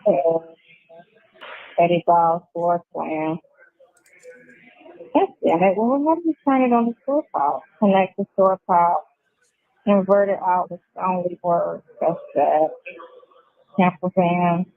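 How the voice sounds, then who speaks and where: A woman talking hesitantly on a phone call, halting and unsure. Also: fairly low pitch, dry recording. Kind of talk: casual talk on a phone call. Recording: tinny phone line.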